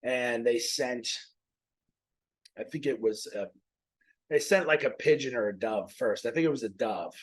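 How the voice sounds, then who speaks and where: Male podcast host, mid-pitched, loose rambling delivery with restarts, a bit winded. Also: measured pace, long pauses, low-quality recording. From Maine. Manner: rambling, self-correcting. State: a little out of breath. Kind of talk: casual faith talk.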